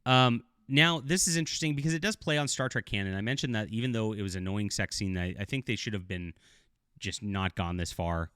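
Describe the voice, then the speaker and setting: Blunt low-voiced middle-aged man reviewing. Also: brisk, fairly bright tone, clean tone, no room sound, studio quality. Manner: blunt, critical, rambling with fillers. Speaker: TV show reviewer. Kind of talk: casual video commentary.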